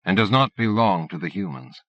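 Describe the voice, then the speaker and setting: A man reading an audiobook in a steady, measured narration. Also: low voice, dry recording. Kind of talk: scripted narration. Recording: dull dry cassette-era audiobook recording.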